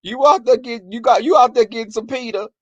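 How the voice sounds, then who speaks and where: A woman's voice: a little high, a little fast, husky, no echo, pitched above the performer's own voice. A man putting on his sweet old grandmother, cheeky and teasing. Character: doting older grandmother, bawdy and sweet.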